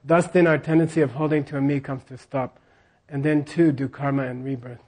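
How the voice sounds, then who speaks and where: A man's voice: medium pitch, fairly even intonation, brisk, darkish tone. A man teaching a class on scripture, leading the students in repeating lines and checking in with them again and again. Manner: leads call-and-response repetition.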